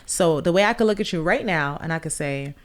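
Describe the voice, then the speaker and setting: A woman's voice: low voice, expressive, fairly quick. A woman lays out relationship advice in plain, crude terms. She talks like a coach in a casual podcast chat. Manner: explains like a coach, crude and frank.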